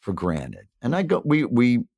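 A man in his fifties from New York, a guest in a candid interview, telling his story earnestly and reflectively with animated emphasis. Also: mid-range voice, unhurried, creaky, breathy edge, no room sound, studio quality. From New York, USA. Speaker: podcast guest.

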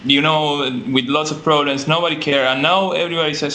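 A man's voice: fairly high pitch, fairly even intonation, a little fast, bright, forceful tone. A man in a casual podcast discussion, giving strong opinions with hesitant fillers. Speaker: podcast co-host.

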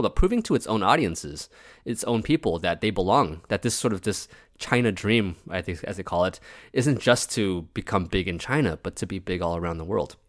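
Analytical male co-host, low and lively pitch, dry recording. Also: no echo. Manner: thoughtful, analytical, with restarts. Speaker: podcast co-host. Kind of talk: casual chat.

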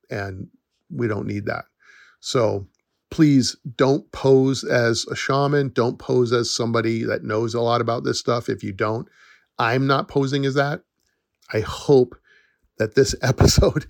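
A man's voice: mid-range voice, vocal fry, dry recording, studio quality. A middle-aged man hosting a podcast, talking in an earnest, reassuring way and laughing now and then. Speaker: podcast host, forest educator. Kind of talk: casual solo podcast talk.

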